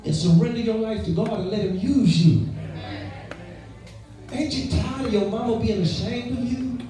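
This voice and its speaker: In a large church sanctuary, a man whose voice sits high and carries a dark tone preaches as pastor at a moderate pace, sharing his personal story with call-and-response fervor. The audio is captured from far off in the echoey hall, with music playing.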